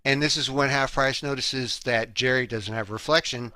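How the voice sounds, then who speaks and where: A man's voice: mid-range voice, steady tone, moderate pace, pushed and bright, no room sound. A man co-hosting a podcast, retelling a movie scene by scene in a laid-back, slangy way. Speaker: podcast co-host. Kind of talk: casual movie recap chat.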